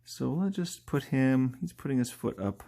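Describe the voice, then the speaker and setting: With a gravelly, dark mid-range voice and lively intonation, this man talks at a moderate pace while sketching live. His relaxed commentary wanders as he thinks aloud, chuckles at his own humor, and often drifts off mid-thought.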